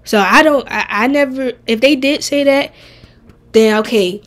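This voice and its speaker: A woman streamer chatting casually and bluntly while ranking game characters, animated and profane. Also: high-pitched, unhurried. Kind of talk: casual game tier-list chat.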